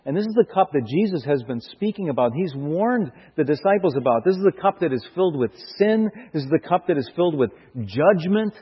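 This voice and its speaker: Husky-voiced preacher in an echoing hall. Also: male voice, on the high side, animated, a little fast, few pauses. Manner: earnest, rhetorical questions, stammered restarts, rising to emphatic bursts. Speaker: pastor. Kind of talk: sermon. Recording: dull lo-fi sound with hall reverb.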